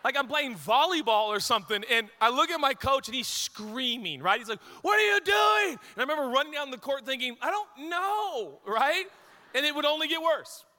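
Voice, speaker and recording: Bright-voiced joking pastor in echoey hall. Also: male voice, very high voice, fast talker, few pauses. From Washington state, USA. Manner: self-deprecating, joking, lively anecdotes. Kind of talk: humorous sermon storytelling. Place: church sanctuary.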